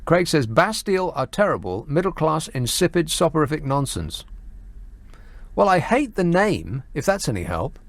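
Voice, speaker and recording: A sardonic man hosts a radio phone-in and fires quick, dry retorts at listener messages. His voice sits a touch high. The studio sound is close and dry, with no room echo. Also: sing-song.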